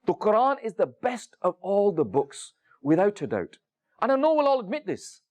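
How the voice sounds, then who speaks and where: Man, high-pitched voice, sermon, storytelling, rhetorical questions, "you know" fillers. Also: wildly swooping pitch, normal speed. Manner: storytelling, addresses the audience directly with many rhetorical questions. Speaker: preacher. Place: room with a seated audience.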